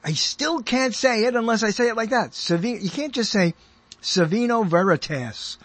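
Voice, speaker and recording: High husky older man hosting radio. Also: expressive, moderate pace, fairly bright tone. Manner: chatty and self-amused, rambles with frequent chuckles and restarts. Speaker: radio show host. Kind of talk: rambling radio monologue.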